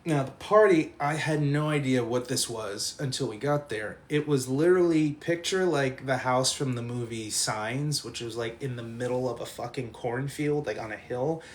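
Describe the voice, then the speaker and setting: A man's voice: medium pitch, moderate pace, hardly any pauses, slight background noise. A man telling a rowdy anecdote in casual talk, laughing often and swearing freely.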